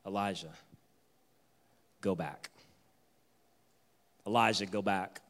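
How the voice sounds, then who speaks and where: A man voicing God as a patient, commanding male presence, speaking low and softly, close to a whisper. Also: measured pace. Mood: hushed. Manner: soft, low, near-whispered.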